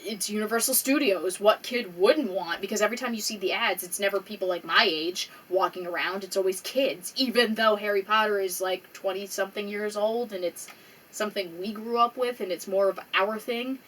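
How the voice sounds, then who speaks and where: A woman's voice: mid-range voice, brisk, a bit bright, slightly rough. A young adult woman vlogging to her small audience, emotional and rambling, swearing often and fighting back tears. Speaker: small YouTuber. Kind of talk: casual vlog. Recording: slightly distant mic with faint background noise.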